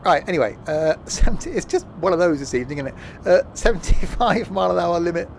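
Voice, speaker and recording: A man's voice: high-pitched, animated, fast, vocal fry, background noise. A man giving casual, jokey gameplay commentary while streaming, rambling and trailing off mid-sentence. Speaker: game streamer.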